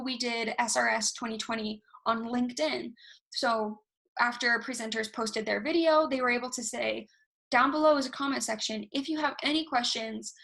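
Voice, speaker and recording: A young woman presenting a casual online workshop, talking fast and animated, recorded alone over a video call. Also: fairly high pitch, vocal fry. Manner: self-described fast talker, animated, talks with hands. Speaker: university research workshop presenter. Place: alone, recording herself at a computer. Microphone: recorded through video call software.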